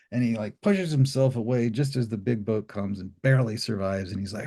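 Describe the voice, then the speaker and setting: Low husky man telling stories. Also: a little fast, hardly any pauses. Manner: relaxed, rambling, many fillers. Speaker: interview guest. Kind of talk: reflective storytelling.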